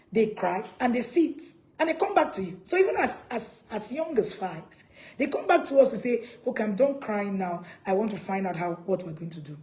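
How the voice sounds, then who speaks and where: A woman's voice: fairly high pitch, a little mellow. A woman, a parenting coach giving an earnest, emphatic talk to viewers and laughing between points.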